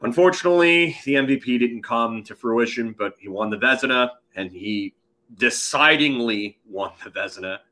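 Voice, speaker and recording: A man's voice: medium pitch, a little fast, hardly any pauses, a bit bright. A man co-hosting a hockey podcast, giving opinionated takes and fumbling over words now and then. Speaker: co-host, hockey analyst. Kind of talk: casual sports chat.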